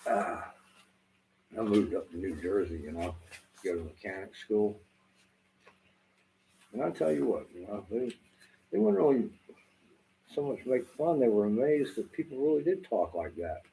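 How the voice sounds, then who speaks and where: Talking to the camera, this middle-aged Southern-accented man from Southwest Florida meanders along, cursing freely and filling gaps with plenty of fillers. He has a fairly low, expressive, dark-toned voice with vocal fry, a moderate pace and long pauses. Audio is poor, with faint noise behind him.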